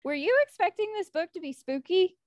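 An American woman hosting a casual book-club chat, talking in a chatty, animated way with lots of fillers. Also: very high voice, fairly quick, no echo, studio quality.

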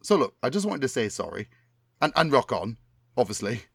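A man's voice: mid-range voice, very animated, brisk, creaky, slightly rough, dry recording, studio quality, heavily acted. A man doing an impression of a middle-aged northern English entertainer with a Bolton accent, rambling in a chummy, oblivious way.

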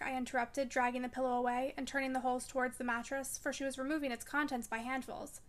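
A woman narrating a classic novel aloud in a measured, steady way. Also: high-pitched. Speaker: audiobook reader.

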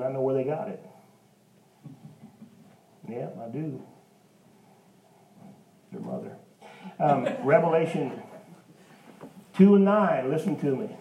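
A pastor preaching a sermon in a church, with an emphatic, folksy manner and homespun asides. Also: male voice, mid-range voice, warm tone, reverberant, recorded from a distance, slight background noise, low-quality recording.

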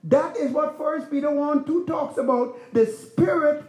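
A man's voice: very high-pitched, unhurried, a little mellow, echoey room. A man preaching a sermon as pastor, in a conversational style with rhetorical questions to the congregation. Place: church.

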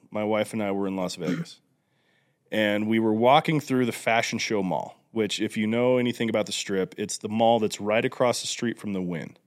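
A young man hosting a casual chat, telling animated stories and slipping into put-on voices for quotes. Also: fairly low pitch. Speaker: podcast host.

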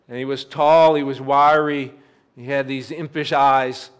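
A pastor telling a story during a sermon, in a plain cadence full of repetition. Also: male voice, medium pitch, flat delivery, a little slow, clean tone.

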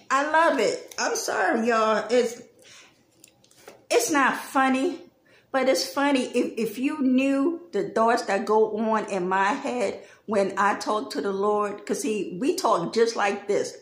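Woman, slow chatty Bible teacher who laughs and acts out lines sassily; echoey room. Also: a little high. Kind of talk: casual Bible study talk.

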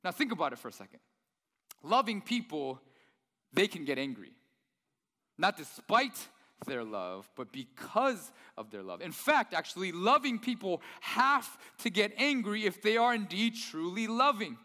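Male pastor, high bright voice, chatty sermon delivery with rhetorical questions, echoey hall sound. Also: big pitch swings, unhurried. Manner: conversational, asks the audience rhetorical questions.

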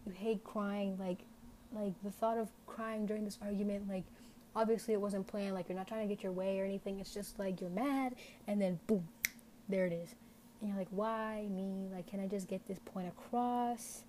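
Rambling young woman, mellow voice. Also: mid-range voice, steady tone, normal speed, slight background noise. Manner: rambling, lots of "like" fillers, candid. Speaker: podcast host. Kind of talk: unscripted casual monologue.

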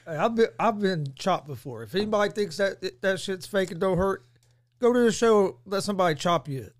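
A man's voice: sits high, lively intonation, a little fast. A man co-hosting a casual interview chat, talking bluntly and swearing freely. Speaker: podcast co-host.

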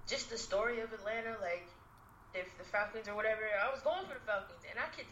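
A woman with a low, bright voice co-hosts a casual podcast. She talks hesitantly with many fillers. The sound is roomy and a little muffled, with faint noise behind it. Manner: hesitant, full of ums and likes. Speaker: podcast co-host. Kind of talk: casual chat.

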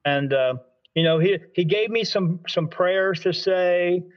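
A man's voice: sits high, measured pace, lo-fi sound. A man from Delaware telling a story in conversation, acting out the dialogue and often restarting his sentences. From Delaware, USA. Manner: animated storyteller, acts out quoted dialogue, frequent restarts. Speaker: spirit medium.

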